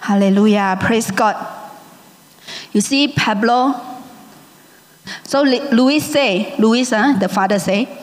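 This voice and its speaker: A woman preaches a sermon in a fairly high voice. She tells a story with animated delivery and keeps checking in with the congregation. Her voice rings with long reverb, as in a large hall. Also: slow, long pauses. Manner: animated, asks the congregation "okay?" and "amen?".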